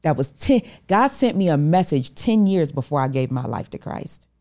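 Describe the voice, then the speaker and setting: A woman's voice: sits low, sing-song, moderate pace, mellow. A middle-aged woman, a podcast guest, telling a personal story animatedly and acting out the voices she quotes. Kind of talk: storytelling interview talk.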